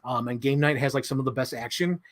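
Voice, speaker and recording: A young man hosting a casual livestream, excitable and quick to laugh, swearing as he talks about movies. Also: medium pitch. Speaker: livestream host.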